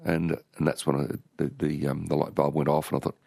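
A man's voice: a bass voice, little pitch movement, fairly quick, gravelly, darkish tone, no room sound, studio quality. An older Australian man, an author being interviewed, telling stories in a rambling way with many restarts. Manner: rambling, with frequent restarts and storytelling. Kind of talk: relaxed conversational interview.

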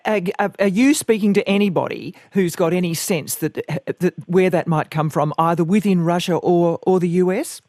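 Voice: mid-range voice, moderate pace, few pauses, a little mellow, dry recording, studio quality. A radio host asking probing questions in a conversational, slightly hesitant way.

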